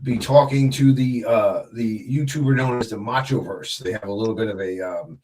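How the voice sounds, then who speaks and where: A man's voice: lowish voice, moderate pace, recorded from a distance, crowd noise. A man guesting on a casual wrestling podcast, rambling with many fillers and restarts and joking around. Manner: jokey, slips into wrestler impressions.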